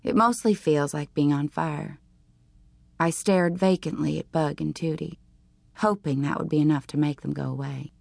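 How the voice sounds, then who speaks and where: Woman narrating a kids book in first person, low voice, dry and wry, super dry studio sound. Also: steady tone, normal speed, gravelly, darkish tone, no echo. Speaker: audiobook narrator. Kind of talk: scripted first-person narration of a teen novel.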